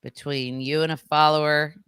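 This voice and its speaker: A woman co-hosting a podcast who teases her friend and reacts with quick interjections. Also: sits low, level tone, fairly bright tone, smooth, no echo, studio quality. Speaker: podcast co-host. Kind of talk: casual chat.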